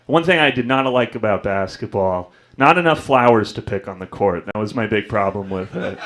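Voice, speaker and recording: A man's voice: normal speed, fairly bright tone. A young adult man doing a stand-up comedy set on a club stage, telling stories and acting out other people's voices. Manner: storytelling, acts out voices with big pitch jumps.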